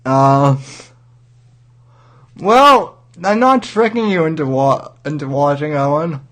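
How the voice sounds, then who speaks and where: A male livestream host who talks slowly and a little high, in casual commentary. He rambles wryly and often stops to restart his sentences. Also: a bit bright. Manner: rambling, wry, halting with many restarts.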